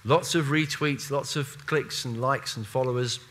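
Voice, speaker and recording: A man preaching a sermon in a conversational, animated way, with playful asides and voiced quotes. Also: mid-range voice, unhurried, slight background noise.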